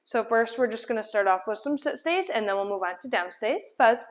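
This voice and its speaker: Indoors at home, a woman dog trainer explains a puppy's sit and down stays while firmly commanding him. Her voice is on the high side, animated, and a little fast.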